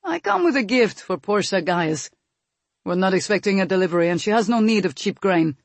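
A woman's voice: medium pitch, animated, brisk, no echo. A woman voicing a guarded young nobleman who speaks earnestly, in an audiobook reading. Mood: firm.

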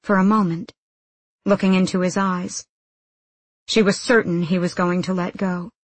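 A woman narrating an audiobook in a measured, even way. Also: fairly low pitch, no echo, low-quality recording.

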